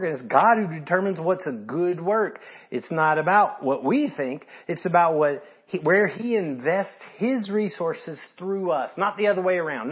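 A man preaching a conversational sermon, moving between quiet explanation and emphatic points and acting out everyday givers. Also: a little high, slightly rough. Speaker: pastor. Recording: dull lo-fi sermon audio.

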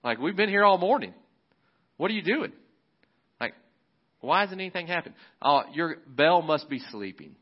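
Taunting prophet, a preacher putting him on, high squeaky mockery, muffled sound. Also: male voice, big pitch swings, normal speed, pauses often. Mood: mocking. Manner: mocking, high-pitched trash talk. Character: taunting male prophet mocking his rivals. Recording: slightly muffled recording.

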